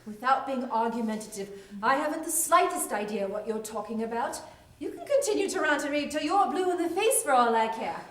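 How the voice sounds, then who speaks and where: A high, lively voice rings out across an echoey stage as an actress plays a haughty lady with a put-on English accent. The sound reaches the camera from a distance, with a faint hiss underneath. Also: fairly quick. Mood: indignant. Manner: haughty, theatrical stage delivery. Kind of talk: stage play acting. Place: small theatre stage. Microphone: far camera mic.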